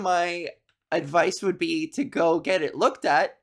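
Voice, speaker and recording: A man's voice: a little high, fairly even intonation, a little slow, fairly bright tone. A young Canadian man, a comedian, rambling through self-mocking stories and laughing at his own jokes. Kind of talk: rambling stand-up storytelling.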